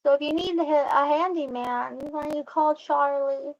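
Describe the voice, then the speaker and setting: A woman's voice: sits high, muffled recording. A woman vlogger telling a rambling story in casual chat, restarting often and quoting what others said. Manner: rambling, restarts, quotes others in quick asides.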